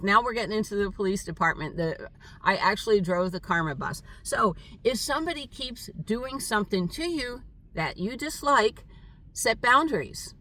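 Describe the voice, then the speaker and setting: An older woman telling a rambling, halting story in a casual vlog monologue, with many fillers. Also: medium pitch, animated, pushed and bright, far from the mic. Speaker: vlogger. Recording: voice set back from the mic.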